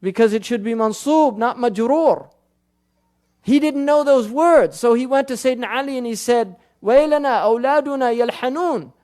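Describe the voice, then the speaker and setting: Guy w a pretty high voice giving a religious talk, keeps asking questions, drops arabic words. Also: a little mellow. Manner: questions the audience rapidly, quotes classical sources; mixes Arabic terms into his speech. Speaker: Islamic scholar and lecturer. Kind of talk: religious lecture.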